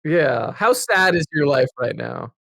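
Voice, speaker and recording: Guy w/ bouncy pitch and some vocal fry, teasing his buddies, casual chat. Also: animated, a bit bright, no echo. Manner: teasing and quick to laugh. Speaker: podcast co-host.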